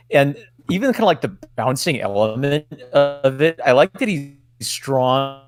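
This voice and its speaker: A man's voice: medium pitch, expressive, unhurried, over music. A man co-hosting a podcast, chatting in a thoughtful, easygoing way. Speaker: podcast co-host. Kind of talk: casual podcast chat.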